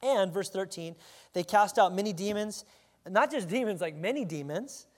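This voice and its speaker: A man's voice: high voice, moderate pace, big-room sound. A man preaching a sermon as pastor, talking energetically and emphatically, often restarting his words.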